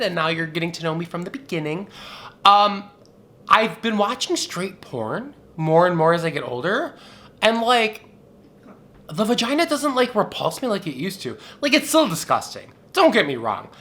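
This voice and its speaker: Sassy, campy young man with a bright voice. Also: high voice. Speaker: vlogger. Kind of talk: casual chat on camera, drinking game.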